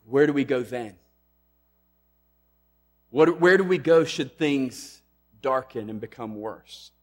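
Emphatic male preacher, loud then hushed. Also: mid-range voice, lively intonation, takes it slowly, faint music behind. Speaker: pastor. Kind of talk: sermon.

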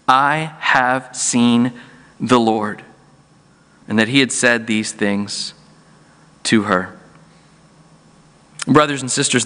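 A man's voice: mid-range voice, sharp tone. A man preaching a sermon as pastor, earnest and often restarting words mid-phrase. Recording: echoey hall.

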